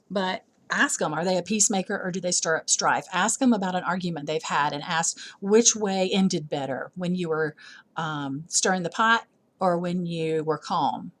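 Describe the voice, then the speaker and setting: Chatty mom giving a church talk. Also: female voice, on the low side. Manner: chatty, self-deprecating, many ums. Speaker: church teacher. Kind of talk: informal devotional talk.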